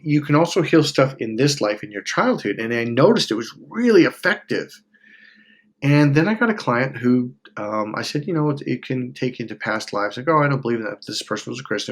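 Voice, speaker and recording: Near tears, a male life coach speaks in a loose, heartfelt personal monologue, laughing and restarting frequently as he steadies himself. His pitch is ordinary and mid-range, and gentle music sits quietly in the background.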